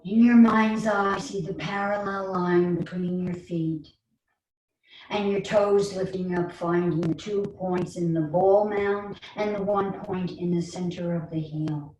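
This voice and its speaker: A woman with a New York accent leading a guided chair yoga class online, giving slow, soothing cues with playful asides. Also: lowish voice, steady tone, darkish tone. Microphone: online video call. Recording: roomy, distant mic, faint noise.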